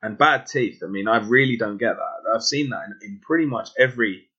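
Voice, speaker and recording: A man's voice: on the low side, brisk, pushed and bright, husky, dull audio. An English man co-hosting a podcast in casual chat, talking in rambling stretches with jokey asides and restarts. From England. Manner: chatty, self-interrupting, jokey asides. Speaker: podcast co-host.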